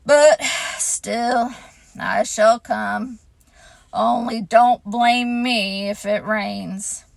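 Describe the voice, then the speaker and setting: A woman voicing a gloomy old male donkey who speaks slowly and mournfully. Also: on the high side, fairly even intonation, gravelly, no echo, full character voice. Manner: slow, glum, resigned.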